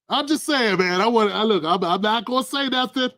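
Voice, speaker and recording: A man's voice: high voice, expressive, unhurried, long pauses, sharp tone, no echo. A middle-aged man hosting a livestream, ranting through political commentary in a blunt, aggressive and profane way. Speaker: livestream host.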